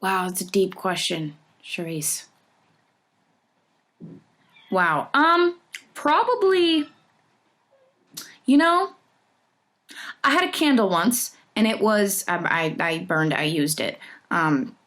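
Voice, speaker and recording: A woman's voice: fairly low pitch, animated, slow, pauses often, fairly bright tone. A woman who is a singer and actress, answering fan questions in a casual, bubbly way that rambles, with many restarts.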